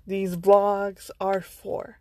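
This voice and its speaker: A woman's voice: medium pitch, flat delivery, extremely slow, darkish tone, no echo. A woman vlogger giving a motivational monologue, earnest and blunt, with some swearing. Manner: earnest, blunt, sprinkled with profanity.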